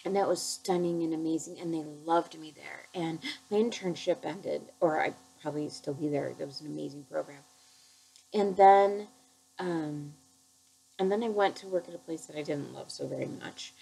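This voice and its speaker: Heartfelt woman with a gravelly low voice. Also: warm tone, slight background noise, poor audio. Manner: earnest, halting, heartfelt. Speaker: chemical dependency counselor. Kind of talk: personal recovery story.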